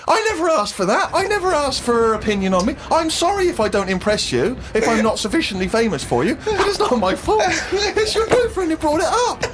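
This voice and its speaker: A man telling a comic story on a podcast, animated and indignant, climbing high when worked up. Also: fairly quick, few pauses.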